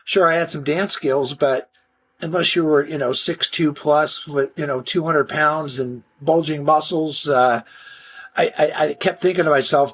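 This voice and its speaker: An older man telling stories casually in an interview, animated and slangy, often restarting his sentences. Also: fairly high pitch, measured pace. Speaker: interview guest.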